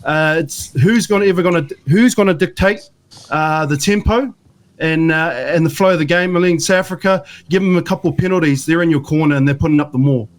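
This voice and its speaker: A man on a sports podcast panel thinking out loud and hedging, with ums and repeated phrases. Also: on the high side, fairly quick. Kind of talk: casual sports chat.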